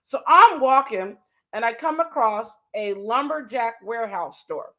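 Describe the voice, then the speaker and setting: Expressive and a little high, this fifty-something woman speaks at a measured pace while co-hosting a show. She tells a personal story emphatically, repeating key points and acting out the dialogue, and the recording sounds dull and lo-fi.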